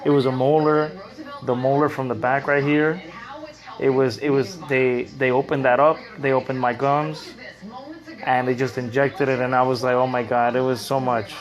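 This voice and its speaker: A man on a live stream, rambling and halting, in pain after oral surgery with a swollen cheek, talking from bed into a phone. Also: mid-range voice, little pitch movement. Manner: rambling, halting, repeats words. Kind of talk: casual live-stream chat. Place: lying in bed at home. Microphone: phone camera.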